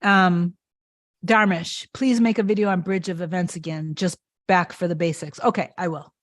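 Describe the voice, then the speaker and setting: A woman's voice: lowish voice, steady tone, moderate pace, no echo, clean studio sound. A woman manifestation coach chatting on a live stream, earnest and emotional, reading viewer comments aloud. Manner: emotional, warm-hearted.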